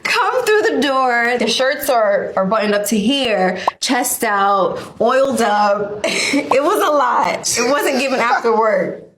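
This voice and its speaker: A woman casually telling how she met her fiancé, playful and quick to laugh, with faint noise behind her. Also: fairly high pitch, expressive, fairly bright tone. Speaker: interviewee telling a couple's story. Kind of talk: casual storytelling.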